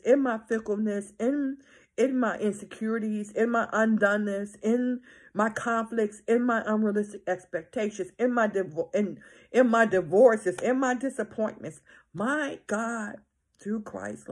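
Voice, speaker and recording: A woman minister and counselor giving a preaching-style talk, emphatic, repeating her phrases and often checking in with "right?". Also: medium pitch.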